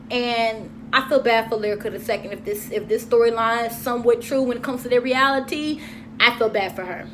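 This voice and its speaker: A woman's voice: high-pitched, a little hiss or hum. A young adult woman giving a casual, profane and sassy review of a reality TV episode. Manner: profane, animated, sassy commentary. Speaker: TV show reviewer. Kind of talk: casual solo review vlog.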